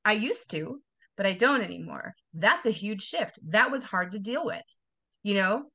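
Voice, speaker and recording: A woman's voice: mid-range voice, animated, normal speed, gravelly, bright, forceful tone. A woman in her forties, a wellness coach talking as a guest in a casual podcast interview, emphatic and motivational, repeating phrases for effect. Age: 40s.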